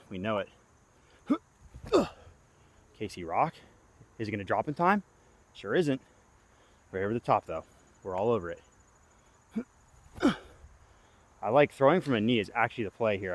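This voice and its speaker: Excitable young man narrating his throws outdoors. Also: lowish voice, moderate pace, pauses often. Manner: excitable, talks to himself between throws, pleading and groaning. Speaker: disc golf vlogger. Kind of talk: self-filmed play-by-play commentary. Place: outdoor disc golf course.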